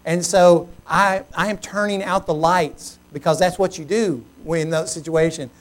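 A male pastor preaching a sermon, telling a personal story in an animated, humorous, self-mocking way. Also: high voice, moderate pace.

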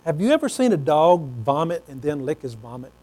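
A man's voice: on the high side, sing-song, a little fast, dark tone, poor audio. A man preaching a sermon in a folksy, conversational storytelling way.

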